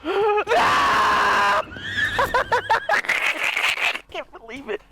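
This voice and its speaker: A man giving excited gameplay commentary, giggling and wheezing with laughter constantly and gleefully taunting other players. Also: very high voice, drawn-out words, gravelly. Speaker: gaming video creator. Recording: game music playing behind.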